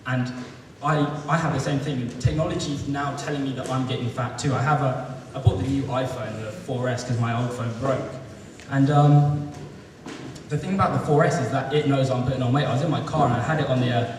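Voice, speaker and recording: A man's voice: mid-range voice, steady tone, fairly quick. A young man from London doing a self-deprecating, rambling student stand-up set in front of a live audience. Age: young adult. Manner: self-deprecating, rambling, lots of ums and restarts. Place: live comedy venue with audience. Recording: echoey hall, mic from far off, audible noise.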